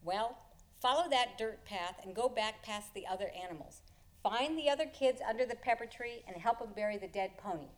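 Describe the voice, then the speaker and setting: A woman plays a cranky old woman who keeps a yard full of animals in a storybook tale. She barks curt, scolding orders in a slightly high voice. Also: normal speed, lightly acted. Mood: bossy. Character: gruff bossy old woman animal keeper.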